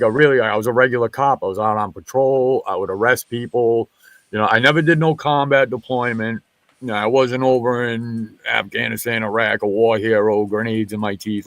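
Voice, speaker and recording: A man, a former military police officer, swearing freely in an animated story that acts out what each person said. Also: mid-range voice, no room sound. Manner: profane, animated retelling with quoted dialogue. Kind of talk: casual storytelling in a group chat.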